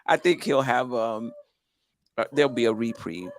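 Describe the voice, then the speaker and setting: A man co-hosting a casual sports podcast, reading out a list of names in a plain, steady way. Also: mid-range voice, normal speed, dry recording. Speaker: podcast co-host.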